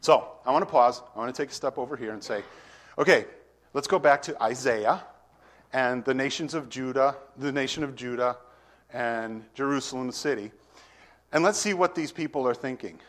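Expressive middle-aged male pastor preaching. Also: mid-range voice, moderate pace. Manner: expressive teaching, swings from loud to soft, acts out voices. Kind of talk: sermon.

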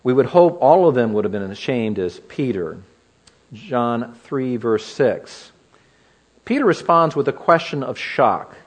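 A man's voice: medium pitch, expressive, a little slow, husky. A man preaching an expository sermon, teaching verse by verse and asking the listeners rhetorical questions.

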